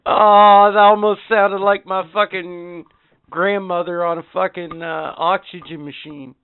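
A man's voice: high-pitched, level tone, unhurried, clean tone. A man co-hosting a podcast, ranting with crude, profane comedy. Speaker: podcast co-host. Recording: dry, phone-like lo-fi sound.

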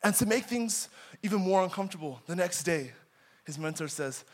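A young man preaching in a church, his voice sitting high for a man. He leans hard on key words and then drops to quiet, intimate asides, reading scripture with dramatic force. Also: lively intonation, moderate pace. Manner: dramatic, swings from loud emphasis to quiet asides. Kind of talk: sermon.

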